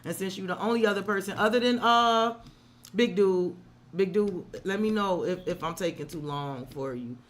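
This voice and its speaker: A woman's voice: medium pitch, normal speed. A woman tarot reader on a live stream, talking openly and emotionally to her viewers and swearing freely. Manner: talks straight to viewers, calls them girl and sis.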